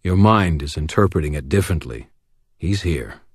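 A calm, faithful knight speaks slowly with quiet certainty in a deep voice, as a male audiobook narrator plays him. The recording is dry and close. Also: husky, no echo, exaggerated voice. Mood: earnest.

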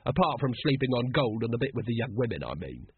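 Man voicing a tired middle-aged watch captain, slow reluctant speech, very husky, dry phone-like sound. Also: mid-range voice, big pitch swings, no room sound, heavily acted. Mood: weary.

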